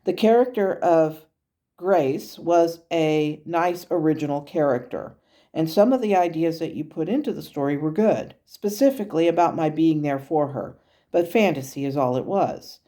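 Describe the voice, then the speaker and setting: A woman voicing a calm, patient male spirit guide who speaks in a measured, gently instructive way. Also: low voice.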